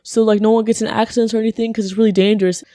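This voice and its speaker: A woman's voice: on the high side, level tone, very fast, mellow, no room sound, clean studio sound, close to an everyday voice. Woman doing a chatty, curious cop. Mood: reassuring. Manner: curious, reassuring, keeps asking questions. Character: friendly, chatty male police officer.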